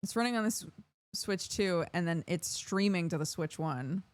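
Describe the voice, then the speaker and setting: A woman's voice: lowish voice, expressive, moderate pace, no room sound. A young adult woman streaming, chatting casually, reading chat and thanking subscribers, a bit tired and yawning.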